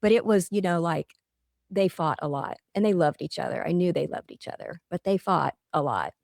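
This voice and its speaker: A woman's voice: fairly low pitch, lively intonation, moderate pace, gravelly, darkish tone, no room sound, clean studio sound. A middle-aged woman, a guest author, talking earnestly and reflectively in a casual interview, working through everyday examples.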